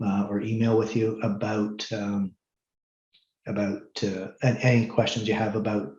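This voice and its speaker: A man's voice: lowish voice, darkish tone. Middle-aged male lecturer, blunt and firm during office hours, in a roomy, slightly muffled recording. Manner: blunt and firm, many ums and restarts. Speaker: university course instructor. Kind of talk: online office hours talk to students. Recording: roomy, slightly dull sound.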